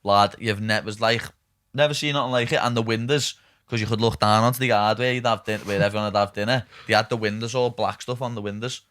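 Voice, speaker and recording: A man's voice: on the low side, fairly even intonation, fairly bright tone. A young man with a Liverpool accent hosting a podcast, telling rambling stories in casual chat and dropping "lad" and swear words into nearly every sentence. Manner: rapid, rambling storytelling with constant "lad" and swearing. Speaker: podcast host.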